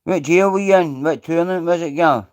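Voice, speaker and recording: A man with a Scottish accent runs a casual live stream, his voice fairly high, clear and resonant, and his pace a little fast. He's rambling and foul-mouthed, and he greets viewers individually by name.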